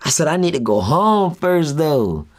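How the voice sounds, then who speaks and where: With a slightly high voice and a measured pace, a young man interviewed as a rapper recounts a story in a relaxed way. He brings it to life by performing each person's lines.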